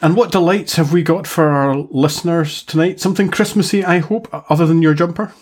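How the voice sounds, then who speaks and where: A man's voice: fairly high pitch, fairly quick, a little mellow, husky. A man hosting a casual podcast chat, joking and teasing himself as he talks. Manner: joking, self-mocking. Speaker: podcast host.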